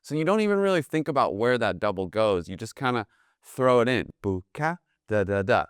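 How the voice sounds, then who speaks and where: A man teaching jazz drumming in a relaxed, explanatory way, often checking in with "right?". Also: medium pitch, a little fast, clean tone, dry recording, clean studio sound. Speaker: drum teacher. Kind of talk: casual instructional talk.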